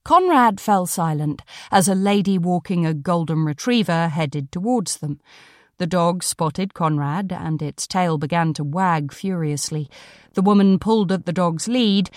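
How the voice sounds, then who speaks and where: A woman reading a story aloud in measured scripted narration. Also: lowish voice, animated, a little mellow, dry recording, clean studio sound. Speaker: audiobook narrator.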